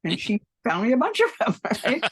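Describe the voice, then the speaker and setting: A woman's voice: fairly high pitch, wildly swooping pitch, normal speed, slightly rough. A woman in her seventies, a podcast guest, telling long rambling stories and acting out the people in them, often laughing. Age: 70s. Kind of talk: long anecdotal interview storytelling.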